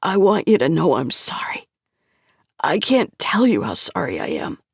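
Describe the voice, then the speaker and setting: A woman voicing a remorseful male scientist who speaks in a trembling, halting way. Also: fairly low pitch, breathy edge, dry recording, studio quality, heavily acted.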